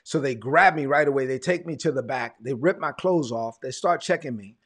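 A man's voice: mid-range voice, brisk, fairly bright tone. A man, a pastor telling his testimony in a sermon, repeating words as he tells the story. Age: 40s.

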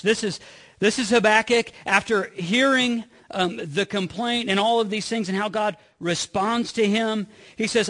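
A man preaching a sermon in an earnest way, often repeating his words and swinging from loud to hushed. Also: high-pitched, a little slow.

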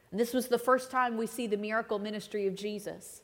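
A woman guest preacher delivering a conversational sermon, swinging between emphatic lines and hushed asides. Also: mid-range voice, steady tone, a little fast, few pauses. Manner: conversational, dramatic shifts between loud and hushed. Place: church sanctuary. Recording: long hall reverb.

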